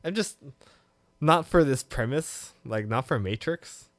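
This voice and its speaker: A man with a mid-range voice co-hosts a podcast in an unhurried way, though the chat stays casual and animated. He swears freely and erupts into loud laughs. No echo is audible.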